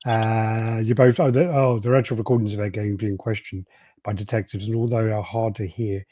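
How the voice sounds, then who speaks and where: Chill guy reading out live chat names, mellow husky voice, no room echo. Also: lowish voice, steady tone, fairly quick, highs cut off. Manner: laid-back, jokey, does silly impressions. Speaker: podcast co-host.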